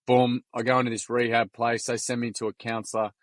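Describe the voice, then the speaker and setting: An Australian man in his forties tells candid stories as a podcast guest. He talks bluntly and casually at an average pitch, swearing freely and leaning on slang. The recording is dry and close to the mic. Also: monotone, brisk, dry recording. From Gold Coast, Queensland, Australia. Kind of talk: candid conversational storytelling.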